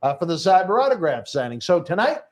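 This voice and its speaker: A man's voice: high voice, sing-song, fast. A man hosting a live interview, joking around and plugging upcoming events in a promo style. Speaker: host.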